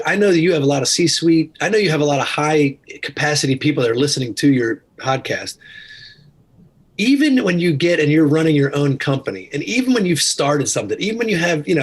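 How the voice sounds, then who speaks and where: Brief: man, author and podcast guest, husky tone, earnest and anecdotal, often restarting his sentences. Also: on the high side. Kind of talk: casual storytelling interview.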